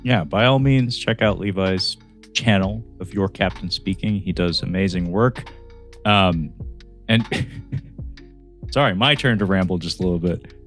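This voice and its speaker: A man's voice: low voice, unhurried, long pauses, faint music behind. A man hosting a film podcast, chatting casually, rambling and breaking into laughter. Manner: rambling, laughing, animated impressions. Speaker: podcast host. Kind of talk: casual chat.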